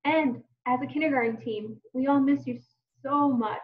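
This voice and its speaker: Kindergarten teacher, woman, high bright voice, slow patient delivery, dull distant recording. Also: echoey room. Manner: slow, encouraging, sounds words out to kids. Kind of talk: phonics lesson for young children. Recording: distant mic, dull lo-fi sound.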